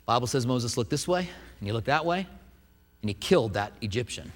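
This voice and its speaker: Man, preacher, sermon, animated storytelling, lively swooping pitch, echoey hall. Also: a little fast. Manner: animated storytelling, acts out quotes.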